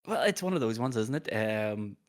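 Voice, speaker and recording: A man's voice: medium pitch, animated, moderate pace. A man from the UK who co-hosts a podcast, answering quiz questions in casual banter with self-mocking jokes and frequent laughs. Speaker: quiz contestant and co-host.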